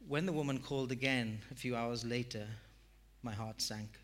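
A man, a pastor, telling a story in a sermon with self-deprecating, animated delivery. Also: mid-range voice, normal speed.

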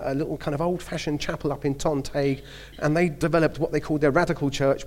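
A man's voice: on the high side, a little mellow. A man in his fifties with a Cockney accent, preaching a sermon with lots of chatty stories, hesitations and restarts. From southeast London. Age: 50s.

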